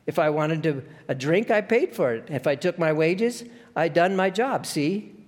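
A man voicing the bitter, self-righteous ghost of a working man, who talks with rough grammar in a blustering, complaining way. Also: a little high, lively intonation, normal speed, a little mellow, pitched above the performer's own voice, natural voice. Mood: indignant. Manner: indignant and complaining. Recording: long echo of a large hall.

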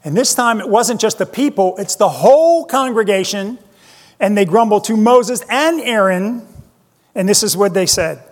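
A man preaching a sermon, slow and emphatic, asking his listeners rhetorical questions. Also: high-pitched, long reverb tail. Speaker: pastor.

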